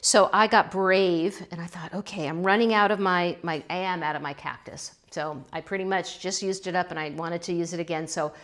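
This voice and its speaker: A woman's voice: fairly low pitch, fairly even intonation, moderate pace, hardly any pauses, fairly bright tone. A middle-aged woman hosting a pottery channel, chatting casually as she unloads a kiln, gushing with gasps and little exclamations. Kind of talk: casual kiln-opening vlog chat.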